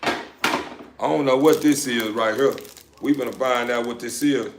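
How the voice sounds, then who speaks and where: A man in an echoey room talks loosely to his viewers and his dogs, drifting through repeated phrases in a relaxed drawl. His voice sits at a middle pitch, and faint noise and dog sounds run behind him. Now and then he barks a sharp command at the pack. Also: unhurried. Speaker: dog breeder. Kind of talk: casual live-stream chat with his dogs. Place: indoors with dogs around.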